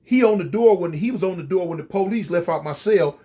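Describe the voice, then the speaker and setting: A man casually telling a story straight to his viewers, animated and full of slang. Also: high-pitched, a little fast. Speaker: storyteller recounting prison life.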